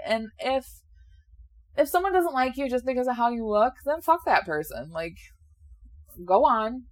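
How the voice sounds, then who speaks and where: A woman's voice: a little high, big pitch swings, unhurried. A woman in her late twenties chatting casually and candidly, laughing often and swearing now and then, a little sleepy. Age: 20s. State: sleepy, yawning. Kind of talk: casual chat.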